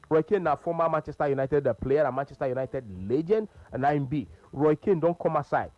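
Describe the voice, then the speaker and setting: Lively Nigerian Pidgin radio host. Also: male voice, fairly high pitch, fast talker, dry recording, rough recording. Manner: animated, repetitive, laughs often. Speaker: radio sports show host. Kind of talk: casual sports talk radio.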